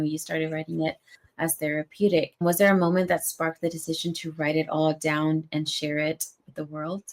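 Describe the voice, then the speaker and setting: A woman podcast host asking prepared interview questions in a measured, deliberate way. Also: fairly low pitch, a little mellow.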